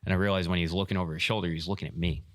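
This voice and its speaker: A man co-hosting a podcast, retelling a story in a profane, animated way. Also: low voice, racing. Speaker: podcast co-host, field staff. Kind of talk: casual storytelling chat.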